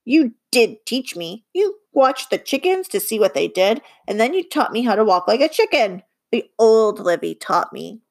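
A woman reading an audiobook, voicing a small green creature who speaks slowly in stiff, formal phrases. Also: fairly high pitch, big pitch swings, darkish tone. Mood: patient, hurt. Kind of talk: audiobook character voice.

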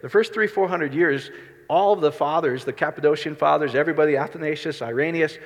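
A middle-aged pastor with a somewhat high voice and slightly fast delivery preaches a sermon in a reverberant hall. He talks conversationally and asks the congregation questions.

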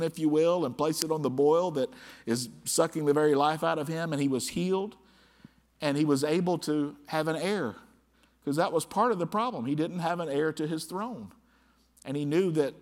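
A man preaching a sermon as pastor, reading scripture aloud with rising, impassioned emphasis. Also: on the high side. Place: church sanctuary. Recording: church hall with long reverb.

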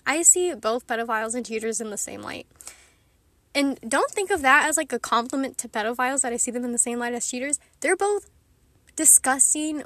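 High-voiced young woman, frankly rambling. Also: a bit bright. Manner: rambling, frank, laughs often. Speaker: vlogger. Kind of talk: candid casual chat to camera.

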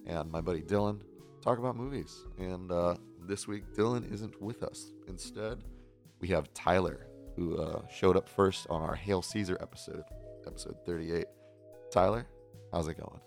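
A man's voice: low-pitched, moderate pace, vocal fry, faint music behind. A young man hosting a movie podcast in casual, rambling chat full of fillers. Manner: relaxed, rambling, many fillers. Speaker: podcast host.

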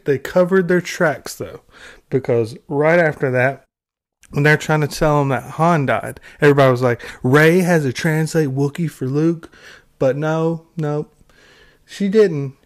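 A man rants with biting sarcasm and exasperation, his voice sitting in an ordinary middle pitch. He stumbles and restarts, repeating words as he builds toward mockery. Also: a little mellow. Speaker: film commentary vlogger. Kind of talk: ranting commentary.

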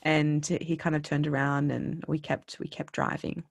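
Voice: medium pitch, level tone, normal speed, gravelly, slightly rough, no room sound, clean studio sound. A speaker telling a personal anecdote in a chatty, casual way, with many fillers and restarts. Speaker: storyteller.

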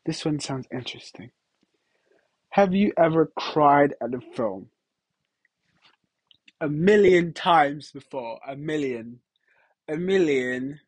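A man's voice: a little high, lively intonation, slow, long pauses, dry recording, low-quality recording. A young man hosting a podcast, chatting casually and giggling through rambling stories with lots of fillers. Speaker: podcast host. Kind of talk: casual solo podcast chat.

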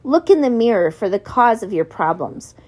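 A woman's voice: medium pitch, big pitch swings, normal speed, darkish tone, breathy edge. A woman reading an audiobook, voicing a stern, harsh grown man who scolds his young prisoner. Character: gruff grown man, stern jailer, harsh but grudging.

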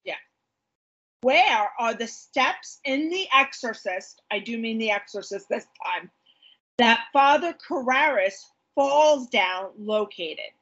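A high, bright woman's voice that swoops and bounces as she runs a quiz among friends. Her tone is a touch husky and lively, and she laughs and teases often. The audio is dull and lo-fi. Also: slow pace. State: tipsy. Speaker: quiz host. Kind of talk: casual chat.

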